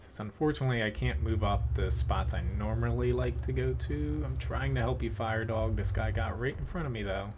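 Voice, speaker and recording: A man with a Philadelphia accent, chatting casually while streaming a tank game, rambling with lots of fillers and quick laughs. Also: medium pitch, background noise. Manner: rambling, filler-heavy, laughs between thoughts. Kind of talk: casual live-stream commentary.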